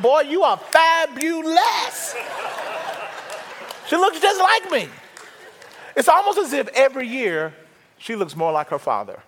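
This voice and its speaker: A middle-aged male pastor preaching an animated, humorous sermon that builds to rousing exhortation. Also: very high-pitched. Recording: reverberant hall.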